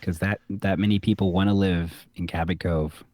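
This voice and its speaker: Low-voiced man in dry, close podcast chat. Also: steady tone, darkish tone, no room sound. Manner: playful, quick to laugh and joke along. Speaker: podcast co-host. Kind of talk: casual chat.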